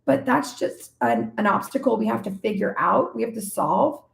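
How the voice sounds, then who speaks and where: A woman in her forties hosting a live podcast talk, teaching in an animated way and acting out her own inner questions as quoted asides. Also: fairly high pitch, moderate pace, gravelly. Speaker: podcast host and speaker. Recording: roomy echo.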